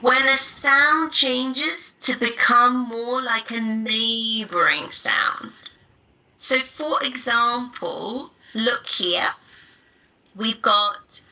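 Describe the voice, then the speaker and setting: A woman teaching a live online class, explaining pronunciation points in a clear, deliberate way. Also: fairly high pitch, pushed and bright, rough recording.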